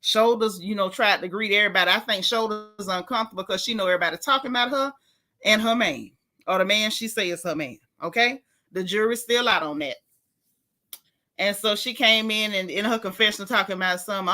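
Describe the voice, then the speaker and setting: A woman hosting a casual reality TV recap, telling it in a sassy, animated way with lots of slang. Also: mid-range voice, a little fast. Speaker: host.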